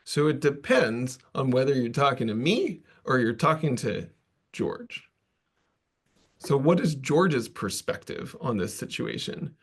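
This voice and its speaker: A man's voice: mid-range voice, sing-song, a little slow, slightly rough. A man giving a conference talk, telling a story in a casual, self-deprecating way with loose asides. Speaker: conference presenter.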